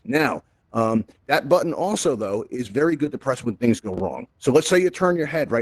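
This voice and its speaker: A man's voice: medium pitch, a little mellow, breathy edge, no room sound. A man hosting a virtual reality event, walking a crowd through controls in an upbeat, encouraging way with playful asides. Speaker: VR event host and instructor. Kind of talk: live instructional walkthrough.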